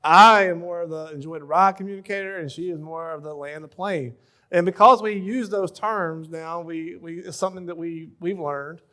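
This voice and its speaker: A man in his thirties giving a relaxed, joking talk at a church marriage conference, full of everyday stories. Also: on the high side, normal speed. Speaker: pastor leading a marriage session.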